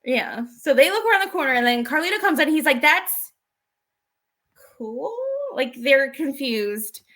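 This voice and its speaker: A woman's voice: high voice, animated, measured pace, a bit bright. A woman co-hosting a casual recap chat, retelling scenes with animation and acting out the lines. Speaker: podcast co-host.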